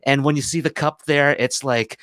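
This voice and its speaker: A man's voice: medium pitch, steady tone, moderate pace, a bit bright, smooth, no echo. Earnest Canadian man, dry mic. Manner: earnest, rambling with restarts. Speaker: guest. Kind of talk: casual roundtable chat.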